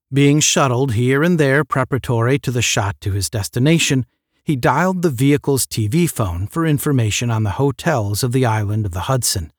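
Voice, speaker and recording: A man reading a science fiction short story aloud in a measured, steady narrating voice. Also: medium pitch, no echo, clean studio sound. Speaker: audiobook narrator.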